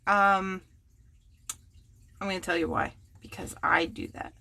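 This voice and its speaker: A woman chatting casually and teasing herself while she crafts at home, going quiet when the work gets delicate. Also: fairly low pitch, fairly even intonation, a little slow, vocal fry. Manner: chatty and self-mocking, drops to a hush while working. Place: home workspace.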